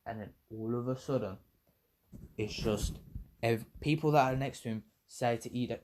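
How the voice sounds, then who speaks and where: A man's voice: medium pitch, brisk, a little mellow. A man casually telling a fan story, rambling, correcting himself and swearing freely.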